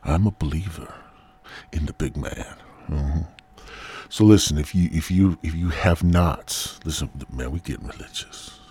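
A man's voice: a bass voice, measured pace, dark tone, slightly rough. A man hosting a solo podcast, rambling through profane rants with whispered asides. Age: adult. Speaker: podcast host.

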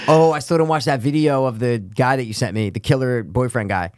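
A man co-hosting a podcast in loose, joking banter. He teases his partner and poses trivia questions in a medium-pitched voice. The sound is dry and close to the mic. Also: brisk, darkish tone, no echo. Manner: bantering, teasing, trivia-quizzing. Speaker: podcast co-host. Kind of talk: casual chat.

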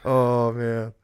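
A man's voice: mid-range voice, clean tone, no room sound, studio quality. A man co-hosting a watch-along, chatting casually and telling stories in a profane, joking way. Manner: animated, profane storyteller. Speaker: co-host of a watch-along show. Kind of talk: casual chat.

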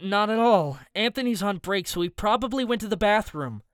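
A man's voice: sits high, expressive, fairly quick, a bit bright, clean tone, no echo, studio quality, pitched above the performer's own voice. A man voicing Anthony, a nervous young kitchen worker who stammers with a shaky voice. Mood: evasive.

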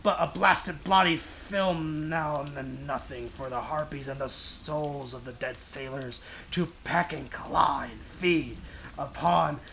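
A man's voice: on the high side, slow pace, gravelly, a bit bright, slight background noise, heavily acted. A man voicing a furious old sea captain in a put-on sailor accent, declaiming a curse with mounting rage. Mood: raging curse.

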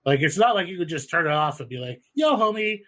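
A man in casual podcast chat, swearing freely and rambling through fillers in an animated, husky voice. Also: a little high, quick pace.

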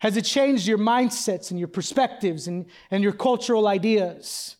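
A high-pitched man in his thirties delivers a sermon. His speech is casual and self-mocking, full of fillers and restarts. He then builds to a run of pressing, repeated questions. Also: normal speed, a little mellow. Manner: casual, joking, confessional, with many fillers and restarts. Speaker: pastor.

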